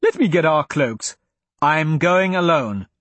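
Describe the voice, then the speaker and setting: A man's voice: a little high, expressive, slow pace, fairly bright tone, no room sound. A male narrator voicing an impatient young princess with clipped replies in an audiobook. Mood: curt.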